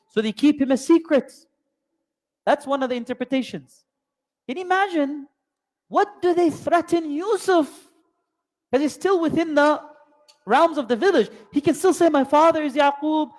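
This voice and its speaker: A man giving a religious lesson as a storyteller, asking many rhetorical questions and mixing in Arabic terms. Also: very high-pitched. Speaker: Islamic teacher. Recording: long hall reverb.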